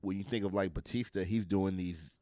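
A man with a very low voice co-hosts a casual podcast about films. He rambles, swears freely and stalls while he hunts for names. The room sounds dry and close. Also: fairly quick, warm tone, no echo. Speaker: podcast co-host. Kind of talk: casual movie chat.

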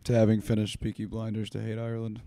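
A man's voice: fairly low pitch, completely flat delivery, fast, warm tone, no echo. A man dropping dry one-line quips in crude casual banter.

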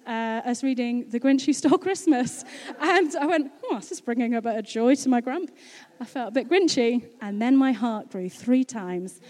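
Speaking to her congregation as pastor, a woman delivers a casual sermon in a bubbly, chatty way, laughing easily. Her voice sits high but has a darkish tone.

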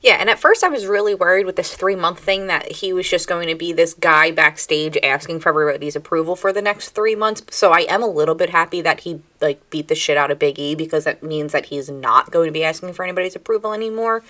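A woman with a slightly low voice talks through a wrestling show as a podcast co-host. She is blunt and animated and swears casually, in a loose chat. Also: fast, hardly any pauses.

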